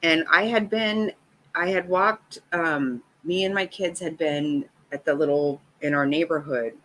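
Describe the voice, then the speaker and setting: Woman in her fifties, low bright voice, rambling casual storyteller who swears freely. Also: unhurried, rough recording. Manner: rambling, swears freely, laughs between lines. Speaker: vlogger telling a personal story.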